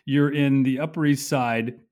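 A man's voice: mid-range voice, fairly even intonation, a little slow, a little mellow. This is a man who hosts an interview. He keeps the talk casual and friendly in tone, moving his guest along with prompting questions and brief follow-ups. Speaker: interviewer, host.

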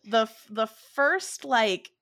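A woman's voice: on the high side, slow pace, no room sound. Chatty woman picking apart a movie, laughs a lot, dry close sound. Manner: animated, opinionated, laughs often. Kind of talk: casual movie review chat.

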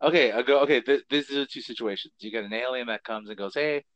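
A man's voice: medium pitch, quick pace, a bit bright, dry recording. A man co-hosting a casual chat, joking and teasing, laughing often.

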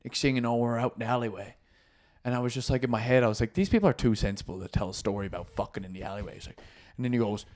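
A man with a Newfoundland accent tells a crude story on a casual podcast. His voice sits a bit high, and his telling is animated and full of laughs. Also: a little fast. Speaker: comedian guest.

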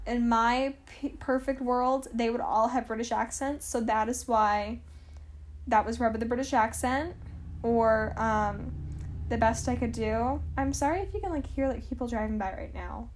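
A woman's voice: fairly high pitch, moderate pace, a little mellow. Chatty young woman telling history. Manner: chatty, full of "like" and self-corrections. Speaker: podcast host. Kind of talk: casual history storytelling. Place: at home.

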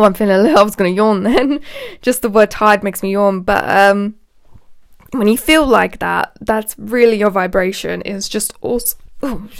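A young woman hosts a casual spiritual talk, her voice smooth and clear in a dry, close recording. She rambles along with plenty of fillers and restarts. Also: medium pitch, no room sound. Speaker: podcast host.

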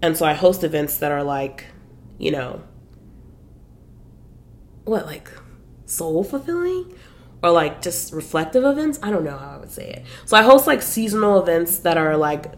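A woman's voice: sits low, animated, normal speed. Chatty woman podcaster, slangy and casual. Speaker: podcast host. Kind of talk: casual chat about books.

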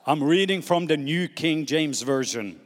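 Norwegian guy preaching, kinda high voice, gets the crowd to say stuff back, big echoey church. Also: measured pace. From Norway. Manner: animated preaching with call-and-response prompts. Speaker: pastor. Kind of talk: sermon.

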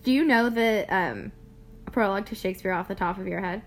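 A woman's voice: mid-range voice, fairly quick. A woman co-hosting a podcast in casual chat, playful and often laughing. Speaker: podcast co-host.

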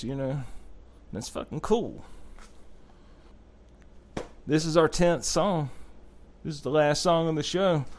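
A man's voice: mid-range voice, a little mellow. Rambling, enthusiastic podcast host, a man. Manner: rambling, enthusiastic, swears casually, many fillers. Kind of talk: casual podcast chat. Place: North Carolina.

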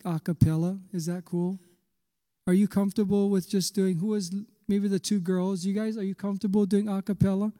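High-voiced man telling a sermon story. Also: dry recording, in a large hall. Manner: animated storytelling with quoted voices. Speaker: preacher. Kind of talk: sermon testimony.

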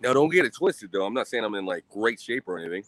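Man, mid-thirties, low voice, rambling casual vlog talk over beer, swears freely, sighs between thoughts. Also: sing-song, fast talker, a bit bright, no room sound. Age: 30s. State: drinking beer.

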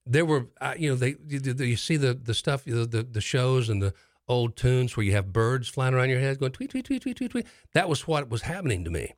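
A man telling a story in casual chat, rambling and halting with many restarts. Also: medium pitch, no room sound, clean studio sound. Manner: animated storyteller.

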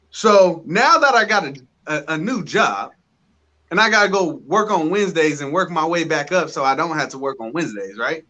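A man's voice: sits high, sharp tone. A man co-hosting a casual talk show, telling his story emphatically with lots of slang. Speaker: podcast co-host. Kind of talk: casual chat.

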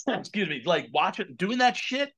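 A man's voice: high voice, unhurried, husky. A man in his forties chatting casually as a podcast guest, swearing freely and acting out quotes as he tells stories. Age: 40s. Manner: profane, animated storytelling with acted-out quotes. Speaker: podcast guest, band vocalist. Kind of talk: casual chat.

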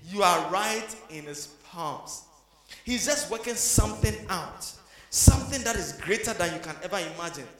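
A man preaching a sermon, moving from hushed passages up to shouted emphasis. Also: high voice, animated, moderate pace, echoey room.

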